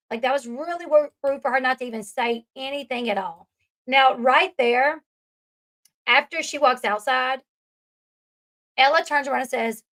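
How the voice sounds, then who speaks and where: A woman's voice: sits high, normal speed, fairly bright tone. A woman giving a casual, chatty recap commentary, full of fillers and asides. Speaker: commentary vlogger.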